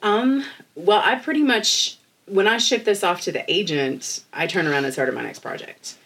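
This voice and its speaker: A woman's voice: mid-range voice, normal speed, fairly bright tone. A woman author guesting on a podcast, speaking hesitantly and laughing easily. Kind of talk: casual interview chat.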